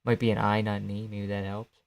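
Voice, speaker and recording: A man's voice: lowish voice, monotone, brisk, gravelly. Casual young man streaming fight reactions. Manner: loose, profane, chatty, reads and answers chat. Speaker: live streamer.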